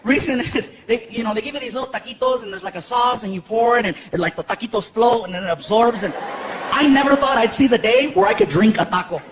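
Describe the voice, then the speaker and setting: A man performing a stand-up comedy set in a theater, telling animated stories and acting out other people's voices for laughs. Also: extremely high pitch, quick pace, background noise. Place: large theater stage before a live audience. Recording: live theater with loud audience laughter and room echo.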